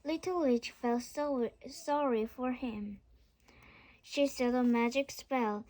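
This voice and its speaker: A woman's voice: on the high side, slow pace, darkish tone. A woman reading a children's storybook aloud, careful and repeating words after slips. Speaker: storybook reader. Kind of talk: children's book read-aloud.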